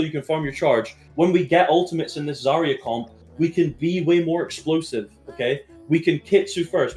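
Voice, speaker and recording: A man coaching his esports team through a match review, direct and blunt, swearing freely and checking in with his players often. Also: on the high side. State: has the hiccups.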